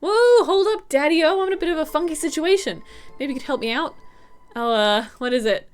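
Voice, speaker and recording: A woman's voice: high voice, a little fast, faint music behind, pitched above the performer's own voice, natural voice. A woman doing a jive-talking ghost cat. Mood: cool. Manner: beatnik slang, swaggering.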